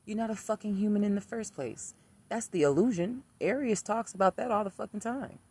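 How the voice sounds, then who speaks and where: A man's voice: high voice, warm tone, breathy edge. Profane, blunt man ranting. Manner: blunt, profane, rapid-fire repetition. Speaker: spiritual practitioner ranting to camera. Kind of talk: profane casual rant.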